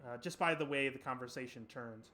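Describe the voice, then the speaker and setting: A man's voice: mid-range voice, brisk, sharp tone. A man serving as dungeon master, narrating an improvised tabletop game and patiently explaining the rules to the players.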